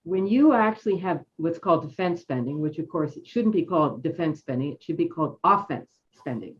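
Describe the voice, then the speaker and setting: An emphatic panel guest on a roundtable discussion, quick to agree and to press a point. The video-call audio is dull and lo-fi. A faint noise sits under the voice. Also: medium pitch, expressive.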